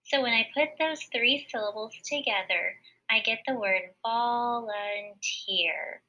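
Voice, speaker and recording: A woman teacher giving a recorded phonics lesson to young children, explaining each step slowly, clearly and patiently. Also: a little high, lively intonation, sharp tone. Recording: dull lo-fi recording.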